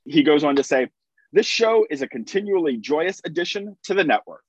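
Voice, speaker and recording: A man's voice: fairly high pitch, expressive, fairly quick, slightly rough, dry recording, lo-fi sound. A man co-hosting a podcast, reading listener letters with amused asides. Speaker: podcast co-host.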